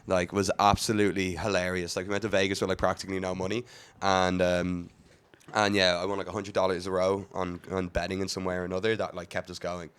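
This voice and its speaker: A man chats casually as co-host and rambles from point to point. He talks quickly in a low voice with a smooth, clean tone. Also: monotone, a bit bright. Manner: rambling, many fillers and restarts. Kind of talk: casual chat.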